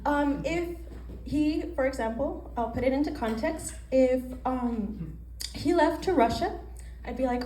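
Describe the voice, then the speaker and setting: A young woman with a high voice tells a self-mocking stand-up story, switching into little voices for her own thoughts. The sound is echoey, with faint ambient noise behind her. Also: unhurried, dark tone. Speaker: stand-up comedian. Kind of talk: stand-up comedy set.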